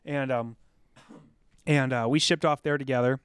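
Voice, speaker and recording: A middle-aged man telling rambling, animated army stories in a casual podcast chat, now and then acting out drill sergeants. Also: mid-range voice, moderate pace, clean tone, no echo. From South Dakota, USA. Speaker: podcast guest, military veteran.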